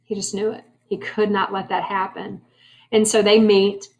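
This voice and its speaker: A woman's voice: medium pitch, level tone, moderate pace, creaky. A woman teaching a history lesson in a conversational way, asking her class questions and making wry asides. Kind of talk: classroom lecture.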